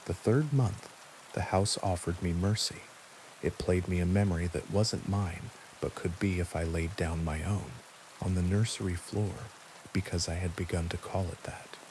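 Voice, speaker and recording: A man calmly narrating a first-person horror story in a measured, quiet way. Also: low voice, noisy background. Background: steady rain.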